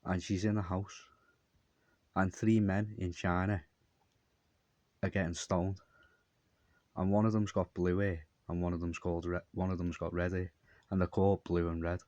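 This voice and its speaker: A man's voice: low-pitched, flat delivery, moderate pace, long pauses, a little mellow, dry recording, muffled recording. A man telling a long, meandering story in a repetitive monologue. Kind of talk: rambling monologue.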